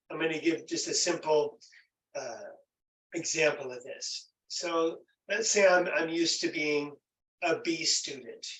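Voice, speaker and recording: A man leading a stress workshop in a gentle, encouraging, conversational way. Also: on the high side, reverberant, far from the mic, poor audio. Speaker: workshop presenter. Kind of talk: online workshop teaching.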